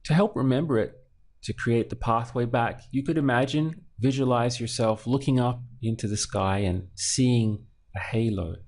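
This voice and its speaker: A man teaching a language lesson, explaining patiently, slowing down and repeating each word. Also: medium pitch, a little mellow. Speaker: Spanish teacher.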